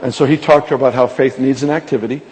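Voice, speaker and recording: A man preaching a sermon, telling a lively, humorous story to a congregation from a stage microphone. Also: mid-range voice, racing. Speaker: pastor. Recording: reverberant large hall with faint noise.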